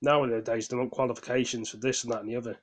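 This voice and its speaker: A man's voice: medium pitch, level tone, very fast. A man vents in a rambling casual vlog rant. His voice sounds tired, and he talks in a heated way, swears, stumbles over restarts and apologizes to his viewers. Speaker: gaming vlogger. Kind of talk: casual ranting monologue.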